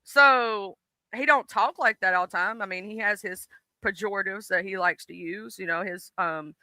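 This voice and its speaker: A man with a Southern US drawl talks in a high, very bright voice, lively and unfiltered, cursing freely as he chats with friends on his stream. The sound is close and dry. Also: moderate pace, no echo. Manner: animated, swearing freely, loud asides. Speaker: stream host. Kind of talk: casual chat.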